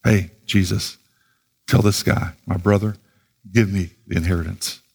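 A man preaching voices a self-centered man making demands of Jesus, low and self-absorbed. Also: steady tone, a little slow, creaky, breathy edge, full character voice. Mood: demanding. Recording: long reverb of a large hall.

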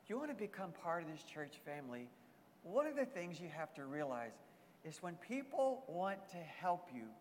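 High-voiced pastor preaching in a reverberant hall. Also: male voice, big pitch swings, moderate pace, slight background noise. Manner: earnest preaching with repeated emphatic phrases. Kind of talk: sermon.

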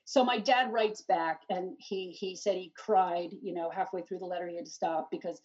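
Husky woman telling a faith story. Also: fairly low pitch, fairly even intonation, normal speed, darkish tone. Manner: earnest, with frequent restarts. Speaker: guest. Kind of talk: emotional personal testimony. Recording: dull, slightly distant recording.

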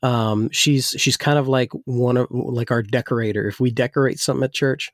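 A man's voice: medium pitch, fairly even intonation, moderate pace, no echo, studio quality. A man who grew up in New Jersey and now works as a pastor, talking casually and rambling with many restarts, his voice still a little weak. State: slightly weak voice. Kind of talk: casual discussion.

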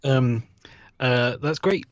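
A man's voice: mid-range voice, slow pace, no echo, dull audio. A British man co-hosting a podcast, chatting casually and laughing at himself. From Britain. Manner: chatty, self-mocking, laughs often. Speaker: podcast co-host. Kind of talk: casual chat.

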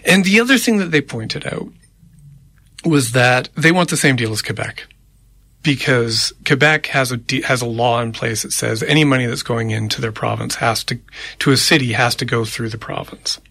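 A radio co-host with a mid-range, creaky voice and a sharp tone talks city politics at normal speed, rambling conversationally and counting off names aloud. He's on a studio microphone in a radio studio, with no room sound.

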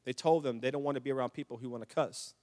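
A middle-aged man preaching a sermon, telling stories with repeated restarts and building to loud, impassioned climaxes. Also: medium pitch, racing, big-room sound. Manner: storytelling with repetitions and restarts. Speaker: pastor.

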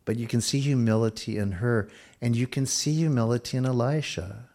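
A middle-aged man preaching a sermon, slowing down for emphasis and dropping to a near hush at times. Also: mid-range voice. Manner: expressive preaching, slows for emphasis and drops to a hush. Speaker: pastor.

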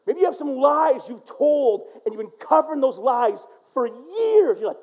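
High-voiced American pastor preaching. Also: male voice, big pitch swings, moderate pace. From United States. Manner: earnest, swings from loud and urgent to quiet and low; mimics people in quoted asides. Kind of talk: sermon. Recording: dull lo-fi recording.

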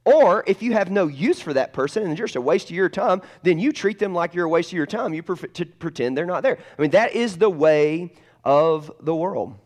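Man preaching with lively storytelling. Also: high-pitched, normal speed. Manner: storytelling, animated swings between loud and hushed. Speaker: pastor. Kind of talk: sermon.

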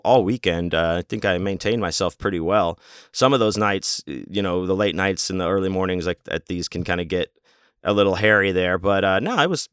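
Low-voiced man telling a rambling story. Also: fairly bright tone, clear, resonant tone, no echo, clean studio sound. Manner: rambling, laughing, many fillers and restarts. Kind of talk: casual storytelling.

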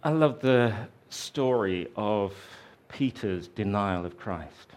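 A man preaching a sermon, telling a story slowly and reflectively, raising his voice for the quoted lines. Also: lowish voice, animated, darkish tone.

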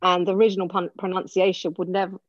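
Woman, Essex accent, animated chatty actor, lower voice, dry close sound. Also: fast, no room sound, muffled recording. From Essex, England. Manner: animated, self-interrupting, laughing storyteller. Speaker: actor and voice coach. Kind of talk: casual conversation.

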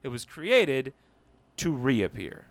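A man's voice: mid-range voice, takes it slowly, gravelly. A man co-hosting a podcast in casual comedic chat. His voice rises and falls a lot as he tells stories, jokes around and swears now and then. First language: English. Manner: animated, jokey storytelling with profanity. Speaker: podcast co-host.

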